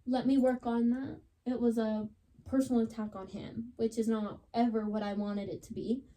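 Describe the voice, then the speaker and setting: Young woman telling a story, mellow voice. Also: a little high, little pitch movement, moderate pace, slight background noise. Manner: chatty, dramatic retelling, lots of "like". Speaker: podcast co-host. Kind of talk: casual chat, storytelling.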